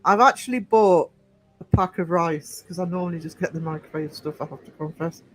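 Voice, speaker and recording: Chatty Northeast English man, high voice. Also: fairly quick, a bit bright, faint music behind, poor audio. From England. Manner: chatty and rambling, teasing the chat with frequent fillers. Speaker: livestream host. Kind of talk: casual livestream chat answering viewer comments.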